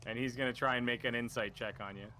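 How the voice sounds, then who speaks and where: Bright-voiced rambling game master, male. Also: medium pitch, fairly even intonation, fast talker, slight background noise. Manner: rambling, many fillers and restarts. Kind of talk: narrating a tabletop game.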